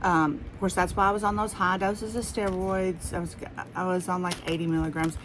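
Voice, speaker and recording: A woman's voice: on the low side, fairly even intonation, fairly quick, noisy background. A middle-aged woman with a Southern US accent, chatting casually and rambling through a haul video for her viewers. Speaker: haul vlogger.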